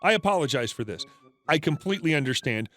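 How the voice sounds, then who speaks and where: A woman's voice: deep voice, lively intonation, quick pace, a bit bright, faint music behind. A man voicing a polite, apologetic woman HR director speaking on the phone.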